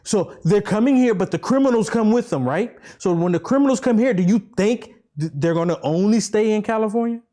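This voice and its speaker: A high-pitched man rants to camera as a political vlogger, circling back over the same points and pelting the listener with rhetorical questions. His voice climbs into fervent near-shouting, then drops low and slow into preaching. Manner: repetitive, rambling, with urgent rhetorical questions. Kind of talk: impassioned political rant to camera.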